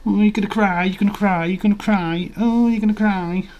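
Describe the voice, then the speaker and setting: A man's voice: sits high, slow pace, clean tone, pitched above the performer's own voice. A man mimicking a whiny crying viewer. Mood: whining. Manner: mocking, sing-song whining. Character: whiny crying male stream viewer, nagging.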